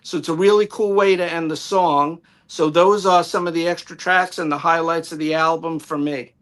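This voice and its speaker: A man with a high voice and a light New York accent gives a prepared album review on a live stream. He reads from his notes in a detailed, enthusiastic way over a home microphone. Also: steady tone, moderate pace, fairly bright tone.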